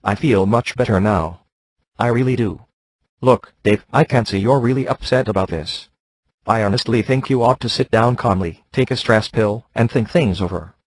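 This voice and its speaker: A text-to-speech male voice reading the lines of a calm, polite ship computer in an even, unhurried way. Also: on the low side, no echo, lightly acted.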